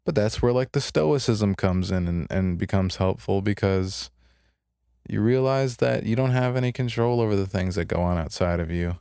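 In a studio-quality recording with no room sound, a young male podcast co-host relaxedly retells a story, voicing the characters himself. He speaks at normal speed in a lowish, warm, smooth voice with some vocal fry.

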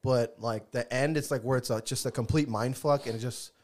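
A man's voice: medium pitch, steady tone, normal speed, darkish tone. A man co-hosting a casual podcast chat who swears freely, laughs often and rambles loosely. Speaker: podcast co-host.

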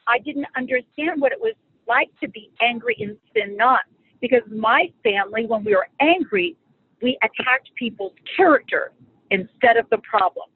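A middle-aged woman speaking as a guest on marriage and faith, teaching in a conversational, animated and humorous way. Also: on the high side, breathy edge. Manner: animated and humorous, acts out quoted lines. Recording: phone-like dry audio.

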